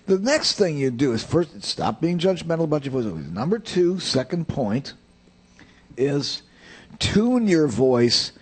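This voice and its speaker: A man's voice: mid-range voice, slightly rough. An older man giving a rambling, plain-spoken voice lesson, drifting into anecdotes. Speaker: voice teacher.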